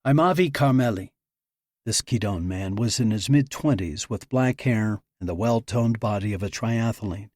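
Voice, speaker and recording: A man narrating an audiobook thriller in an even, measured reading. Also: on the low side, dry recording, studio quality. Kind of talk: scripted narration.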